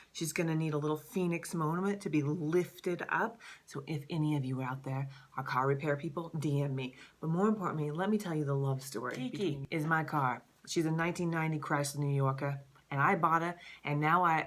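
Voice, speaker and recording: Animated, swearing woman vlogger. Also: on the low side. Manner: animated, profane, lots of "like". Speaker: life coach and vlogger. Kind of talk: casual direct-to-camera vlog. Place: Southern California.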